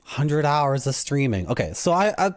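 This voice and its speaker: Animated man streaming games. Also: fairly high pitch, normal speed, no room sound, studio quality. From Canada. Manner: jokey, rambling, puts on silly voices. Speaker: game streamer. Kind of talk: casual livestream chat.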